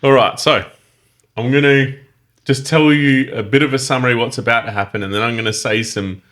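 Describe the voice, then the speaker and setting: A man's voice: medium pitch, fairly even intonation, brisk, a bit bright. A man co-hosting a casual podcast, working through his notes with frequent laughter. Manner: laughs often, good-humoured. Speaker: podcast co-host. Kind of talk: casual chat, reading from notes.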